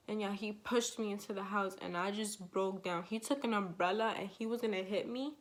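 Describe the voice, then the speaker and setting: A woman tells a storytime vlog at a middle pitch, her voice neither high nor low. She talks in casual, slangy speech full of fillers and retells the story with raw emotion. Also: brisk, hardly any pauses. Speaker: vlogger.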